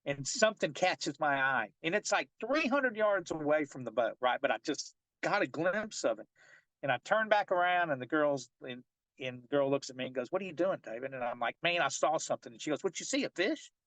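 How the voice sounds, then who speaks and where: A man's voice: a little high, expressive, brisk, fairly bright tone, no room sound, rough recording. A man working as a fishing guide, telling a long story in a casual interview and rambling with many restarts and fillers.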